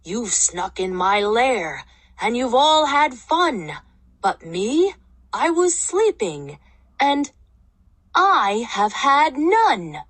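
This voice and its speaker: Woman reads a grumpy left-out bear, plaintive, slow and sing-song, dry sound. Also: fairly high pitch, sing-song, a bit bright, no echo, heavily acted. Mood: complaining. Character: big grumpy male bear, sulky and left out.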